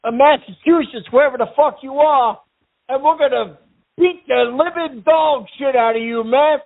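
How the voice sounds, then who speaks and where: A man's voice: very high-pitched, unhurried. A prank caller voicing an aggressive, hot-tempered tough guy making repeated threats. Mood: furious. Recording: tinny phone line.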